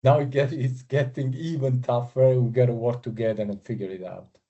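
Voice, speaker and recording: A man's voice: medium pitch, fairly even intonation, a little fast, mellow, lo-fi sound. A middle-aged man with an Italian accent, telling a story during a webinar over a video call, emphatic and repeating words for effect. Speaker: industry veteran attendee. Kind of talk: webinar remarks.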